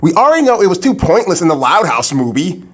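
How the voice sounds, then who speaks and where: A man's voice: high-pitched, big pitch swings, quick pace, a bit bright. Sarcastic, foul-mouthed man reviewing cartoons. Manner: sarcastic, crude, swears freely. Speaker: cartoon episode critic. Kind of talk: profane comedic review commentary.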